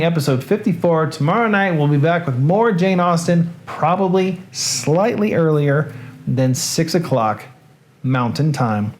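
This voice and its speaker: A man's voice: a little high, lively intonation, a little slow. A man with a Southern American accent hosting a casual live-streamed reading show, joking with viewers and greeting them by name. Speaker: host and reader.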